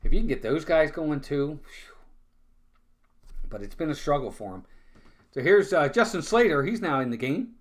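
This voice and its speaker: A man's voice: a little high, expressive, normal speed, pauses often. A man calling live baseball play-by-play in a casual, chatty way, often repeating words and talking to his viewers. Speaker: fan play-by-play streamer.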